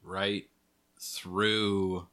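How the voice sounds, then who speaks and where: A man's voice: low-pitched, level tone, very slow, sharp tone. A man co-hosting a podcast in casual chat, teasing and dry.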